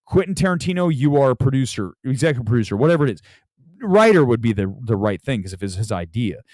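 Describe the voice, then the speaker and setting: Animated rambling male host. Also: medium pitch, quick pace, no echo, clean studio sound. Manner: rambling, animated storytelling with restarts. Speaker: show host. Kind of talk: casual livestream commentary. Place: Los Angeles.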